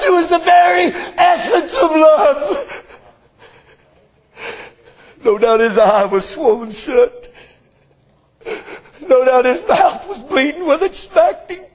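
A male preacher delivering an impassioned sermon, his voice breaking with emotion as he preaches in drawn-out bursts. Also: very high voice.

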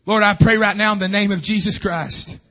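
A man preaching a fervent revival sermon in a church, swinging between shouting and hushed tones. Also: high-pitched, steady tone, brisk. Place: church sanctuary.

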